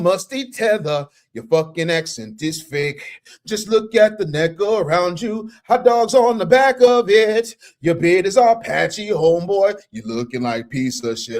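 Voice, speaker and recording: This male livestream host talks in a high voice that swings widely up and down. He roasts clips in a rowdy, mocking way with loud outbursts and reads chat messages between jokes. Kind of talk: casual reaction stream commentary.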